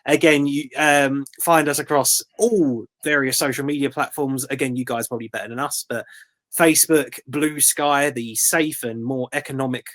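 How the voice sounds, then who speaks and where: A man's voice: medium pitch, steady tone, moderate pace, fairly bright tone. A young man co-hosting a casual podcast chat, rambling and joking with lots of fillers. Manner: rambling, jokey, many fillers and laughs. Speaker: podcast co-host.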